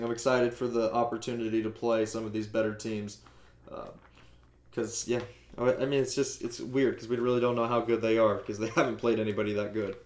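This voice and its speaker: Casting: man with an average-pitched voice, relaxed host of a sports chat show, loose and rambling. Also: reverberant. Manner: easygoing, rambling with fillers. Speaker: podcast host.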